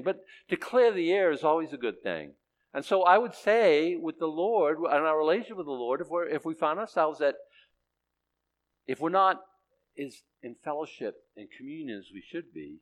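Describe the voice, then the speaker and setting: Middle-aged male pastor, chatty sermon delivery, joking at his own expense, halting restarts. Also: a little high, sing-song. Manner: conversational, self-deprecating, halting with repeated restarts.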